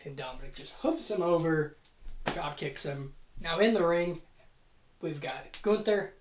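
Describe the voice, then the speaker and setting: Casual booking-narration host: rambling, profane, self-mocking, mid-pitched voice, echoey room. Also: expressive, unhurried, a little hiss or hum. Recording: roomy echo.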